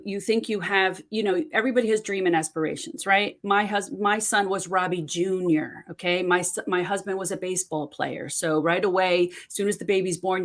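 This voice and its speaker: A woman's voice: fairly low pitch, fairly bright tone. A middle-aged woman, telling a personal story in an interview and often restarting her sentences with fillers. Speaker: guest, autism parent and podcaster. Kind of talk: conversational interview.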